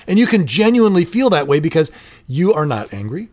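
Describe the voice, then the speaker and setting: A man's voice: on the high side, very animated, brisk, darkish tone. A middle-aged man co-hosting a casual parenting chat, earnest and acting out short example lines. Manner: earnest, acts out little quoted lines. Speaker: parenting show co-host.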